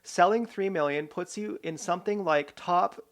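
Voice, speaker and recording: Gravelly man ranting in a rambling vlog. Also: sits high, moderate pace. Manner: rambling and irreverent, swears often. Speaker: vlogger. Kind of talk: rambling personal monologue.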